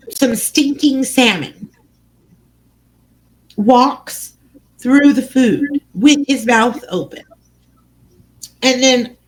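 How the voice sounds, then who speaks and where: Slow, lively woman podcast co-host. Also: high voice, low-quality recording. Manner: animated retelling with voices for characters. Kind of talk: casual book discussion.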